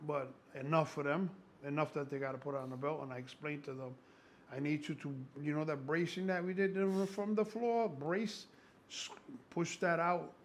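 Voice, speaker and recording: A gravelly man in his sixties talks shop like a strength coach, slightly high-pitched and worked up. He rambles and swears freely as he tells his stories, with a faint hiss of noise under his voice. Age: 60s. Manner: excitable, profane, rambling storyteller. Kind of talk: casual conversation.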